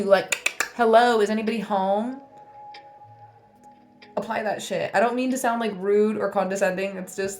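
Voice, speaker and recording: A woman giving a casual spiritual reading to camera, blunt and teasing, swearing often as she delivers tough love. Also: medium pitch. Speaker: tarot reader.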